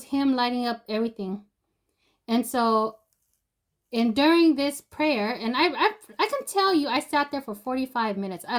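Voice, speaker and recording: A young woman with a voice a bit higher than most tells a personal story in a casual, unscripted way. She rambles, circles back, and restarts her sentences, piling up fillers as she goes.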